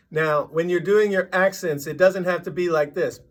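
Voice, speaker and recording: A man teaching a drum lesson, patiently explaining and counting sixteenth-note rhythms out loud. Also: high voice, moderate pace, hardly any pauses, over loud music.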